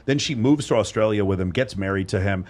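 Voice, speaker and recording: A man's voice: on the low side, fast, darkish tone. A middle-aged man hosting a candid panel discussion, blunt and profane, acting out quoted speech with a raised voice. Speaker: podcast host.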